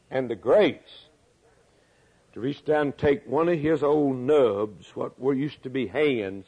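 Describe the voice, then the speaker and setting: An older man preaching a sermon as pastor, moving from loud, high preaching to quiet storytelling. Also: slow pace, slightly rough. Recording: dull lo-fi recording.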